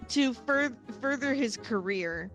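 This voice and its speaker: High, lively woman, giggly flustered defense lawyer in a comedy trial. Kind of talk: comedic courtroom role-play.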